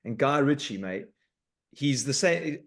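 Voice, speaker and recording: A man hosting a podcast in casual chat, animated and informal, with sweary banter. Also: medium pitch, measured pace. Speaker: podcast host.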